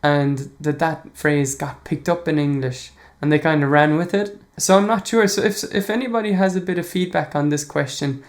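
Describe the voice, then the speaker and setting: An Irish man hosting a language podcast. He answers listener questions in a casual, relaxed way, chuckling often and pausing on fillers. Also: a little high. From Ireland. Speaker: podcast host.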